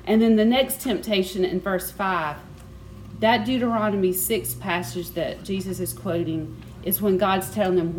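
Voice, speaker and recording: A woman's voice: mid-range voice, steady tone, normal speed, rough recording. Lady teaching bible study, chatty and personal, bit of room noise behind. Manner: warm conversational teaching with personal asides.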